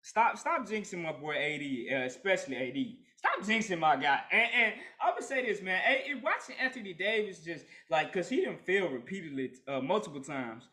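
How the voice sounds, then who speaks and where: Lively high-voiced man, stammering. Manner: halting, stammers, trails off, laughs easily. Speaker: sports talk co-host. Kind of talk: casual sports debate.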